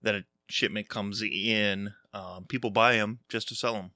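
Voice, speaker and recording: Man, guest, casual chat, terse answers, low pitch, bright tone. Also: fairly even intonation, moderate pace, no room sound, clean studio sound. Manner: terse, matter-of-fact answers. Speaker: guest whiskey collector.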